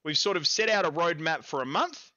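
A man in his thirties with an Australian accent, co-hosting a casual streamed gaming podcast in a rambling, excitable way. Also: a little high, brisk, highs cut off. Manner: rambling and excitable, with fillers and laughs. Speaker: podcast co-host.

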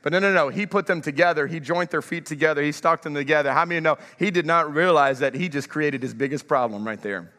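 High bright-voiced male preacher. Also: quick pace, hardly any pauses, big-room sound. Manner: energetic, calls for congregation response. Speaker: pastor. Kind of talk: sermon. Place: large church.

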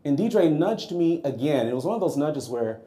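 A man preaching a sermon, telling a personal story in a lively, conversational way and acting out his own reactions. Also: a little high, moderate pace.

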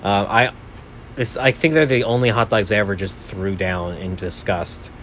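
A man's voice: fairly low pitch, steady tone, moderate pace, a bit bright, a little hiss or hum. A young man and podcast host telling a travel story in a rambling casual way, full of "like" and "right?".

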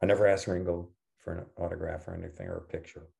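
A man's voice: sits low, level tone, fast, gravelly, darkish tone. An older man co-hosting a podcast, telling long anecdotes in a casual, rambling way, full of restarts and quoted dialogue. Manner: rambling anecdotes with self-corrections. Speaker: podcast co-host. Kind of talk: casual storytelling.

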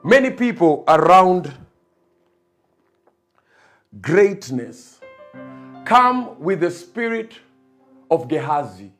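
A man's voice: high-pitched, sing-song, extremely slow, long pauses, faint music behind. A man preaching a sermon, emphatic and repetitive, building his points.

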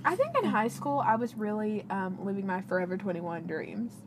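A woman's voice: mid-range voice, moderate pace. A young woman co-hosting a podcast, chatting casually and telling stories with laughter. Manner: animated, laughing, playful storytelling. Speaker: podcast co-host. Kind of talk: casual chat. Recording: background noise.

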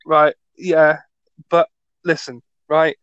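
A man's voice: fairly high pitch, little pitch movement, takes it slowly, fairly bright tone, clean tone, no room sound. Sarcastic British man, dull lo-fi sound. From Britain. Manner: sarcastic ranting, slangy, says "mate" and "right?". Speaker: podcast co-host. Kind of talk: casual chat. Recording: slightly dull lo-fi audio.

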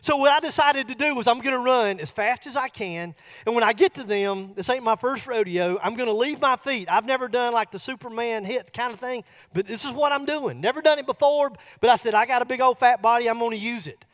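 Middle aged preacher guy, high pitched, folksy story sermon. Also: fairly quick. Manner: folksy storytelling, builds to loud bursts.

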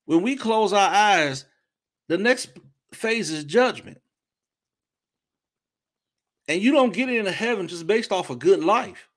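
A man preaching a fervent testimony sermon, with sudden loud bursts of praise between softer reflective stretches. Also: high voice, lively intonation, moderate pace. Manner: shifts between soft reflection and shouting. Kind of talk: impassioned sermon.

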